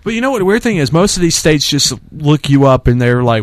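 Young man, fairly high voice, animated storyteller, casual chat, dry close sound. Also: a little fast, hardly any pauses, no room sound. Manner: animated storyteller acting out quotes in raised voices.

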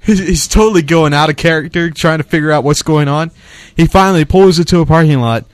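A man's voice: on the high side, quick pace, no echo. A young man in casual chat among friends, animatedly retelling a film scene and acting out the quotes in raised voices.

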